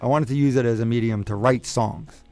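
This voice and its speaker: A man's voice: mid-range voice, steady tone, fairly quick, mellow. A man hosts a call-in radio advice show in an ordinary mid-range voice. He rambles, restarts his sentences and corrects himself as he hands out friendly advice. Faint music plays behind him. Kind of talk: casual call-in chat.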